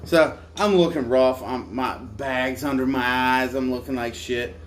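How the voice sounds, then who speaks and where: A man's voice: mid-range voice, unhurried. A tired man casually telling a crude, profane, self-mocking story from his motorcycle trip, with a faint background hiss. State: tired from little sleep. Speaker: motorcycle travel vlogger.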